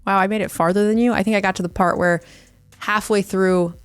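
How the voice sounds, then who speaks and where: A woman playing a tabletop card game, teasing the others and quick to laugh. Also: medium pitch, steady tone, smooth, no echo, soft background music. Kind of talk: casual tabletop game chat.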